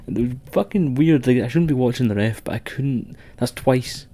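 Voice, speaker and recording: A man's voice: medium pitch, animated, normal speed, warm tone. A Scottish man co-hosting a wrestling podcast, rambling and swearing as he chats with a friend. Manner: sweary, rambling, laughs a lot. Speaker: podcast co-host. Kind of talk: casual podcast chat.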